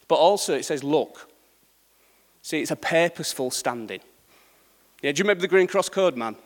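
Middle-aged man, sermon, conversational, keeps asking "yeah?", slightly high voice, long hall reverb. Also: expressive, brisk, pauses often. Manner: conversational, checks in with repeated "yeah?". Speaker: preacher.

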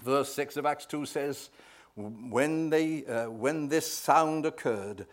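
A man's voice: medium pitch, slow pace. Emphatic male preacher delivering a sermon. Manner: emphatic, swells loud on key words, asks the congregation "right?".

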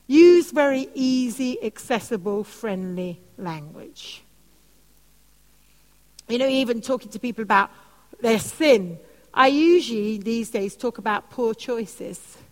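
A woman preaching and teaching on prayer, telling animated stories. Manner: animated storytelling, soft lowered voice for quoted comforting words. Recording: long hall reverb.

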